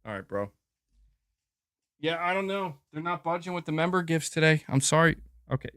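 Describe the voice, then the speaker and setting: A man's voice: on the high side, animated, normal speed, pauses often, a bit bright, clear, resonant tone, no room sound. Laid-back male streamer, dry close sound. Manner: playful, talks to his cat and reads viewer chats. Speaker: gaming news streamer. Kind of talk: casual livestream chat.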